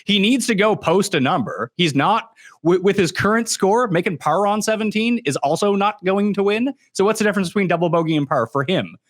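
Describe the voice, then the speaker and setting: A Canadian man talking casually about fantasy golf in animated, emphatic bursts. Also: sits high, brisk, no room sound, studio quality. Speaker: podcast guest, fantasy golf analyst. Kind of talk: casual chat.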